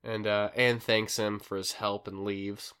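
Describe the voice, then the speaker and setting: A man's voice: lowish voice, flat delivery, a little slow, fairly bright tone, slight background noise. A man hosting a podcast who recaps a show in a rambling, casual way, full of fillers. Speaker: podcast host recapping an episode. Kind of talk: casual chat.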